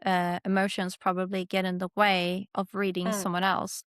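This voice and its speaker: A woman's voice: fairly low pitch, monotone, moderate pace, clean tone, no echo. Chatty woman podcast co-host, dry sound. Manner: chatty, rambling, many restarts. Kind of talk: casual chat.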